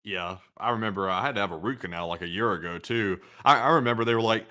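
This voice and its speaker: A man's voice: fairly low pitch, fast talker, sharp tone. A man co-hosting a livestream, telling rambling anecdotes full of fillers and reading viewer messages. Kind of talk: casual chat.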